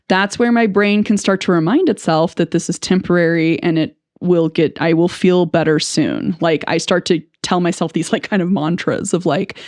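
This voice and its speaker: A woman's voice: fairly low pitch, a little mellow, dry recording, studio quality. A woman hosting a podcast as a speech-language pathologist, speaking frankly and reflectively in a candid first-person monologue, with bursts of nervous laughter.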